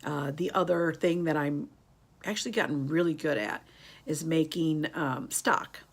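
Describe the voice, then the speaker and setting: With a deep voice and measured pace, a woman in her fifties who makes beauty videos on YouTube chats casually to camera in a tag video. She rambles and turns emotional as she talks.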